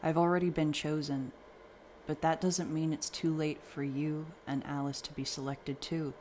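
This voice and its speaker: A man's voice: fairly high pitch, little pitch movement, moderate pace, a little mellow, slight background noise, natural voice. A man voicing an arrogant mother caught up in a cult in a read-aloud horror story. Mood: smug. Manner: cold, arrogant, preachy. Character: cult-brainwashed mother, adult woman, smug.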